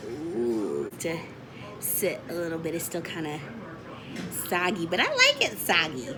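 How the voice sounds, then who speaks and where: Excitable young woman with a lively voice. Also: lowish voice, moderate pace, a crowd in the background. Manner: excitable, chatty, laughs often. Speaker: vlogger. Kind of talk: casual home baking vlog. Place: home kitchen.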